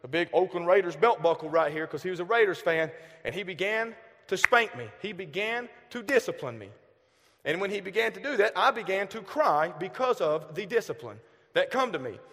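High-voiced Southern preacher in a reverberant hall. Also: male voice, fairly quick. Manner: animated, shifts from loud bursts to hushed asides. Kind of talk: storytelling sermon.

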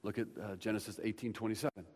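A male pastor delivering a sermon in a church, animated and prone to repeating words, with the odd joking aside. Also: lowish voice, fast. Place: church sanctuary with screens. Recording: long hall reverb.

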